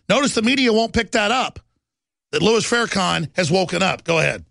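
Gravelly bright-voiced radio talk host. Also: male voice, expressive, fairly quick, no echo, clean studio sound. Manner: impassioned, rambling, swings between loud and low. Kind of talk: fiery talk radio monologue.

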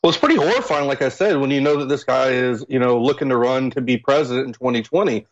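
A man from Florida joins a political talk show as a guest, his voice a plain middle pitch. He speaks haltingly, stumbling through restarts and fillers. The sound is muffled and a bit lo-fi.

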